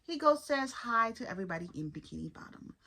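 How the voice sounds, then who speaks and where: A woman chatting casually to her viewers as she reviews a cartoon episode, lively and informal. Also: fairly high pitch, fast talker. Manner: chatty, animated, addresses viewers as y'all. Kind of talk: casual commentary.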